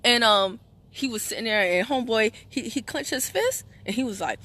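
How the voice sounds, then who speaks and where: Animated woman, bright voice. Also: a little high, moderate pace. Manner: animated, chatty, laughs often, addresses viewers as y'all. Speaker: wellness products seller and team leader. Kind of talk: casual livestream talk to followers.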